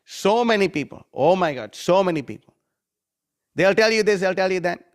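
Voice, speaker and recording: A man's voice: high-pitched, lively intonation, moderate pace. A man giving a devotional scripture class, firing rhetorical questions, reciting Sanskrit verses and mimicking critics in a mocking tone.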